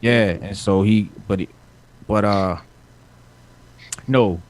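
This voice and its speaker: Low-voiced man rambling through a comic recap. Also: slow pace, a little mellow. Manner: rambling, many fillers and restarts. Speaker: podcast host recapping comics. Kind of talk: casual chat.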